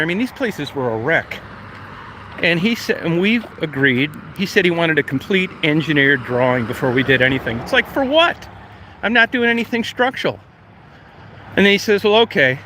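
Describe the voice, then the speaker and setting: Man with a higher-set voice, heated and swearing, recounting a dispute; noisy street recording. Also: sharp tone. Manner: profane, heated, acts out quoted exchanges. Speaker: property owner telling a story. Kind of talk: casual storytelling.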